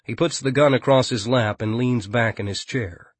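A man narrating an audiobook in a steady, even storytelling manner. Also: mid-range voice, moderate pace, husky, no room sound. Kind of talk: scripted narration.

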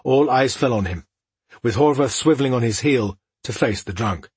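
A man reading fantasy narration for an audiobook, in an even, steady way. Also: medium pitch, moderate pace, husky, dry recording.

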